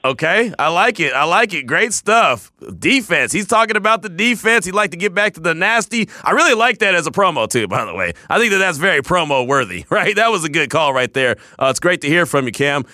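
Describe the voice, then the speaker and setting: Sports radio host guy, bright voice, super lively, dry studio sound. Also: fairly high pitch, fairly quick, hardly any pauses, dry recording. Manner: animated, emphatic, repeats himself.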